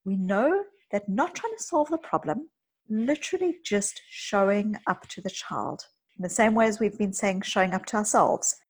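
A woman's voice: medium pitch, lively intonation, normal speed, husky, low-quality recording. A woman psychologist talking earnestly on a podcast, telling personal stories with emphatic lists. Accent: South African. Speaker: psychologist guest. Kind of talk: podcast conversation.

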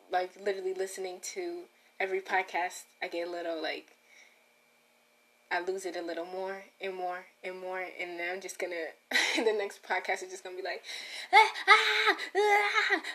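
A woman's voice: on the low side, little pitch movement, normal speed, a bit bright. A woman hosting a casual solo podcast, rambling and breaking off her own sentences as she talks straight to her listeners. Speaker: podcast host.

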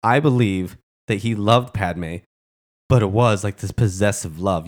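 A man's voice: on the low side, moderate pace. Passionate, indignant man retelling a show. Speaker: show recapper. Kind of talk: casual retelling with commentary.

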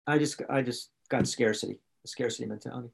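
A man's voice: medium pitch, fast, creaky, slightly rough. A man from West Virginia, a coach and podcast guest, talking candidly in a rambling, self-correcting way. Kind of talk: candid conversation.

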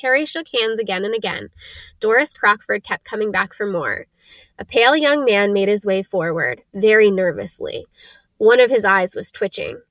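A woman's voice: medium pitch, animated, moderate pace, fairly bright tone, dry recording. Woman reading a storybook, dry sound. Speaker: reader. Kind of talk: storybook narration.

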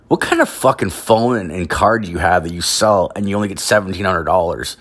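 A young man from Canada, pitched a little low, rants through a story in loose casual talk. He swears constantly, leans on "like" as filler, and jumps up in pitch to mimic the people he quotes. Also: fairly quick, few pauses, fairly bright tone. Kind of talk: profane casual storytelling rant.

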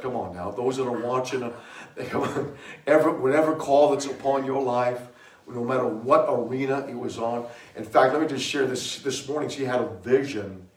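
A man preaching a sermon to a congregation, telling a story with laughter and sudden shouted bursts. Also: mid-range voice. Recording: echoey room, mic far from speaker.

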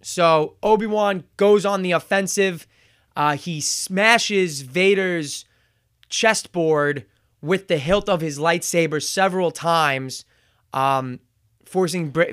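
A man giving a casual spoken review, retelling scenes in a chatty way with fillers and quick self-corrections. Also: fairly high pitch, a bit bright, no echo, clean studio sound. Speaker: show reviewer.

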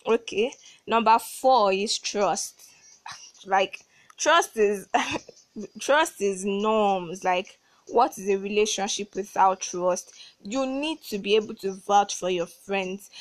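A woman's voice: mid-range voice, no echo. A young woman hosting a solo advice podcast, talking emphatically and repeating words for stress. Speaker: podcast host.

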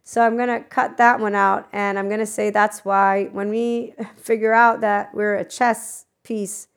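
A middle-aged woman talking in a rambling, animated spiritual monologue, laughing often and acting out quoted dialogue. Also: mid-range voice, measured pace, smooth. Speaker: spiritual channel host.

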